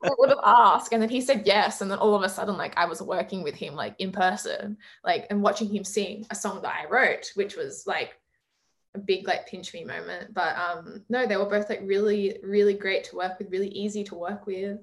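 A young woman in a relaxed interview, chatty and easygoing. Her talk is full of "like," restarts and small laughs, at a medium pitch for a woman. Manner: chatty, fills speech with "like" and quick laughs. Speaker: singer in a band, interview guest. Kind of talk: casual interview chat.

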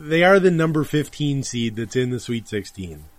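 A man co-hosting a casual sports podcast, making deadpan quips. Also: medium pitch, moderate pace, no echo. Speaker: podcast co-host.

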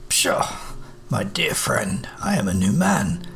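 A man's voice: fairly low pitch, very animated, takes it slowly, creaky, a bit bright, full character voice. A man voicing a cool, sardonic detective who speaks in clipped, precise Victorian diction.

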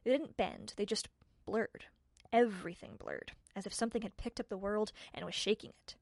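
A woman reads a storybook aloud in an expressive, measured voice of middle pitch. The recording is dry and close, with no room sound. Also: creaky, no room sound. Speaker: audiobook narrator. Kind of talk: scripted storybook narration.

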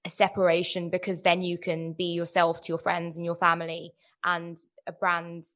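A woman's voice: on the low side, monotone, moderate pace, a bit bright. A woman hosting an interview, asking long, thoughtful, winding questions in a conversational way. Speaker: podcast interviewer.

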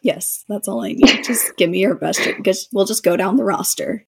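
A woman's voice: mid-range voice, moderate pace, vocal fry, a little mellow, husky, dry recording. A young woman hosting a podcast in casual chat, giggly and gushing. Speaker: podcast host.

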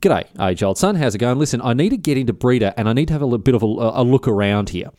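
Host voicing a blunt matey spy, exasperated edge, lively pitch. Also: male voice, fast talker, no room sound, studio quality, natural voice. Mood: casual. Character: brash matey male Dutch spy, doubtful.

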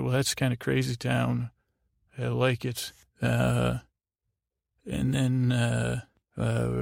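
A man with a gravelly, mid-range voice hosts a sleep podcast, recorded with clean studio sound and no echo. He rambles through a recap of the show, meandering and poking fun at himself.

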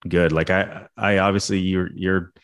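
A man's voice: deep voice, flat delivery, measured pace. A man co-hosting a casual hockey talk show, thinking aloud with many restarts and repeated words. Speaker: co-host, former pro hockey player and coach.

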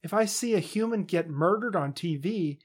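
A man co-hosting a podcast in loose, casual chat. He rants with animated energy and jumps into funny voices when quoting characters. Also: high-pitched, normal speed, slightly rough. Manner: animated ranting, acts out quotes in funny voices. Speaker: podcast co-host.

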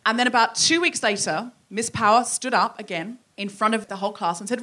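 A woman from Australia telling a comic story on a theatre stage, acting out the voices of the people in it with lively energy. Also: on the high side, fairly quick, hardly any pauses. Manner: animated, acts out quoted voices. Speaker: comedian. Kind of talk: stand-up storytelling. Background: audience laughter.

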